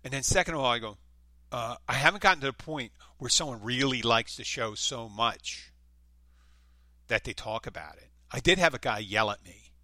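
A man's voice: medium pitch, moderate pace, sharp tone, no room sound. A man from the United States, hosting his own podcast in a casual, rambling monologue full of restarts and self-corrections. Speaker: podcast host.

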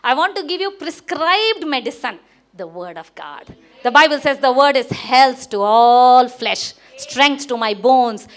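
A middle-aged woman pastor preaching a sermon, emphatic, with big swings in pitch and loudness. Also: animated, measured pace.

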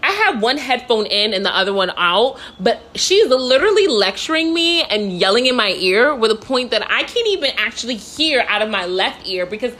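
A woman's voice: fairly high pitch, moderate pace, few pauses. A young woman vlogger telling a story in a casual, dramatic, swear-filled way. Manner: animated, profane, dramatic.

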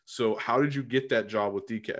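A man's voice: medium pitch, brisk. A man hosting a casual interview, asking easygoing questions. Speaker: host.

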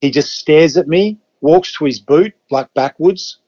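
The Australian storyteller, a man in his fifties from Western Australia, speaks unhurriedly in a fairly high, slightly mellow voice. Appearing as a podcast guest, he's laid-back, swears freely, and acts out his reactions while telling casual stories. The recording is muffled.

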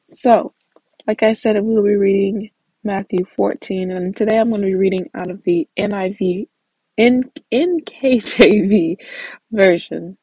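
Gravelly, husky woman leading Bible study. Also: medium pitch, measured pace, a little mellow, no echo, low-quality recording. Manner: conversational, with frequent "like" and small restarts. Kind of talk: casual Bible teaching.

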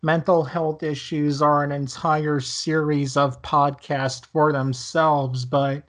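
A man's voice: fairly high pitch, level tone, slow. A man co-hosting a podcast, chatting casually in a reflective way and eager to chime in. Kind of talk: casual chat.

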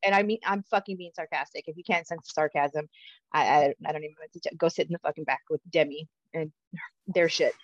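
A woman's voice: deep voice, fairly even intonation, fast. A woman in casual podcast chat, ranting with heated, profane outbursts. Her voice comes through a dull, lo-fi recording that is close and dry, with no room echo. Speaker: podcast co-host.

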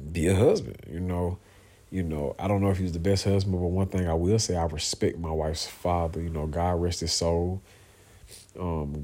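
A father who vlogs speaks to his viewers in an emotional, heartfelt monologue, earnest and halting. He often repeats himself and fills pauses with "you know" and "man." His voice sits low and sounds a little mellow.

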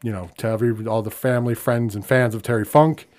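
This American wrestling podcast host is a fast talker with a mid-range voice and fairly even intonation. His casual, conversational style is packed with fillers, and he drops his voice on somber topics.

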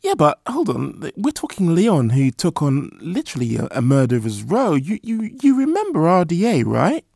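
A podcast host asking rambling, excitable questions in a casual interview. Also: mid-range voice, moderate pace, gravelly, few pauses, husky, no echo, studio quality. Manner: excitable, rambling, lots of fillers and restarts.

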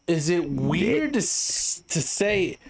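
A man's voice: sits high, slow, slight background noise. A young man hosting a podcast, chatting casually and acting out quoted lines in changing voices. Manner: animated storyteller, acts out quotes in shifting voices. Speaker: podcast host. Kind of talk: casual chat.

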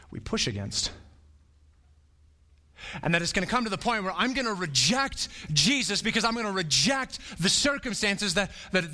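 A man's voice: sits high, pushed and bright, long reverb tail. A man preaching a sermon in a conversational way, acting out the quotes he reads. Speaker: pastor.

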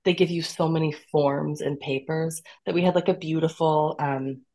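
A woman in her thirties with a low voice tells her own story as a podcast guest. She talks candidly and with animation, laughing often and slipping into lively quotes of her past self. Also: moderate pace. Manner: animated and expressive, with frequent laughs and acted-out quotes of herself.

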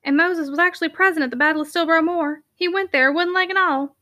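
A woman playing a brisk old rector. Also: very high voice, pushed and bright, dry recording, clean studio sound, voice pushed up. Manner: brisk, commanding, quick questions. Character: brisk, nimble older male rector.

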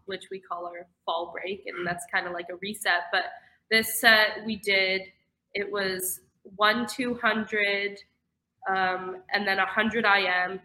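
Bright young woman athlete. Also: medium pitch, poor audio. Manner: earnest, explains step by step. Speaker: swimmer on a team. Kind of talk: casual interview answers.

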